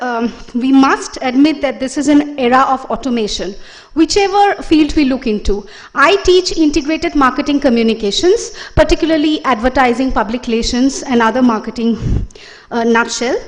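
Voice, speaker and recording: A woman giving a conference presentation as a lecturer, explaining with fillers and self-corrections. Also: high voice.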